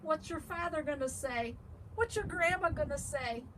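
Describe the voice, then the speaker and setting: A woman's voice: high voice, normal speed, distant mic, voice pushed up, rough recording. A woman voicing a fretful mother in a storybook who fusses and exclaims over her daughter. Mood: fussing. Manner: exclaiming, fussing. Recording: loud background noise.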